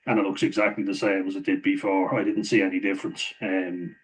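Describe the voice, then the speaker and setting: A man's voice: low-pitched, level tone, fairly quick, poor audio. A man telling a casual story about his past work, rambling with frequent chuckles and fillers. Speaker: vlogger.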